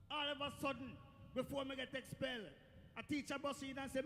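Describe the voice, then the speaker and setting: A Jamaican man performing stand-up comedy on a festival stage, with a very high voice and loud, lively storytelling. The sound rings with a long echo, and faint noise sits under it. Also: fairly quick.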